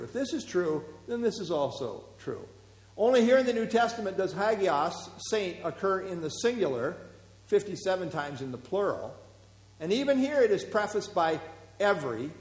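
A man preaching as a pastor, teaching verse by verse in a relaxed, conversational way with fillers and asides. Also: on the high side. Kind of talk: expository Bible teaching. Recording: echoey hall.

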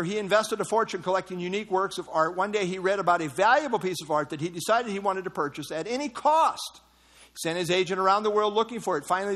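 High-voiced man preaching a sermon. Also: a bit bright. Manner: teacherly, explaining word by word with frequent "uh" fillers; mocking asides in a raised voice. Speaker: pastor. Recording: evening service.

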